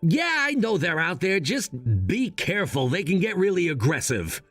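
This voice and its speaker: A man's voice: sits high, very animated, normal speed, a bit bright, dry recording, soft background music, exaggerated voice. A man voicing a coolly scheming adult son in a text-message story drama, firm and matter-of-fact.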